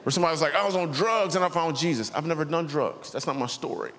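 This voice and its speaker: A man's voice, a little high, quick and a bit bright, comes from a stand-up set in a large church auditorium. He's in his thirties, telling a story and voicing its characters. Reverb from the hall and faint ambience fill the recording.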